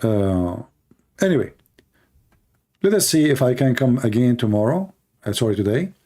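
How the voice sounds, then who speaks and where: A tired man rambles through an unscripted livestream monologue, combative and mocking. His voice is dark and mellow, sitting at an ordinary male pitch. He sounds worn after hours of talking. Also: sing-song, normal speed. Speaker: livestream host.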